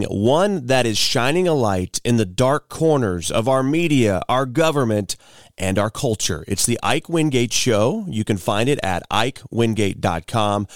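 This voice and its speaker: A man hosts a morning podcast in an easygoing, joking way, full of loose asides. His voice sits at a middle pitch. The sound is dry and close, with no room around it. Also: no echo. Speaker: morning show host. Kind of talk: casual solo podcast talk.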